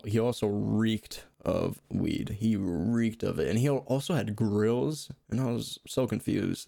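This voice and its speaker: A man's voice: lowish voice, creaky, mellow, dry recording, clean studio sound. A young man telling rambling, self-mocking comic stories in casual talk, laughing at his own jokes. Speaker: storyteller. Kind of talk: casual comedic storytelling.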